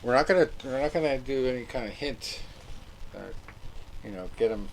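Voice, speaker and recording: A man's voice: medium pitch, normal speed, a little hiss or hum, poor audio. A man hosting a podcast in casual, rambling chat who laughs often and swears casually. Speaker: podcast host.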